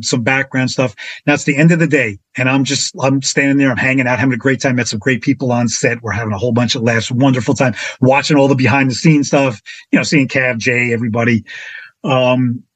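A man as a podcast guest telling a casual anecdote in an animated way, acting out the other people's lines with big jumps in his voice. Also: slightly rough, no room sound. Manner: animated, acts out quotes with big pitch jumps.

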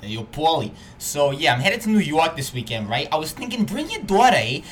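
A man's voice: fairly high pitch, sing-song, fairly quick, a little hiss or hum. A man putting on the voice of a brash, chatty guy with a thick put-on accent who rambles on. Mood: swaggering. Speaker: podcast co-host.

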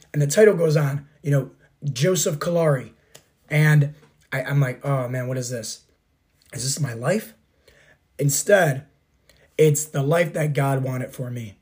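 Hoarse man giving a motivational talk. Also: on the high side, darkish tone. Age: 30s. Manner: emphatic, repeats rhetorical questions and "right?". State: hoarse, sore throat. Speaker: podcast host and fitness coach. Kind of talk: motivational podcast monologue.

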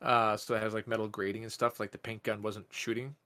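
A man co-hosting a podcast, telling a long story in a loose, profane way, padding it with "like" and acting out quotes in a raised voice. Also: fast talker. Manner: profane, animated storyteller with many "like" fillers; jumps up in pitch when acting out quotes. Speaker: podcast co-host. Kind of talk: casual storytelling chat.

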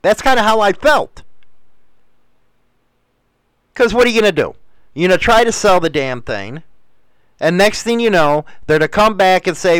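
A man's voice: sits high, lively intonation, normal speed, a bit bright, clean tone, no echo. A middle-aged man hosting a radio show, rambling bluntly and swearing freely in a casual monologue.

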